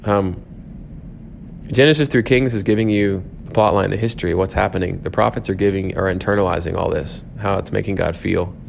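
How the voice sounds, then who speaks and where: A man's voice: low-pitched, steady tone, fairly quick, gravelly, slight background noise. A man teaching a church class, thinking aloud with frequent restarts and fillers.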